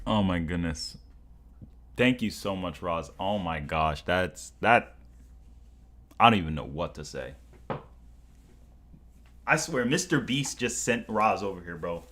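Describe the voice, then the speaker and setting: A young male streamer reacting on air, his voice jumping up and down in pitch as he gets excited. He exclaims a lot, stammers, and repeats himself, but his speech stays unhurried. The tone is casual and talkative. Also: slight background noise. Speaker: livestreamer. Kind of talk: live stream reaction chat.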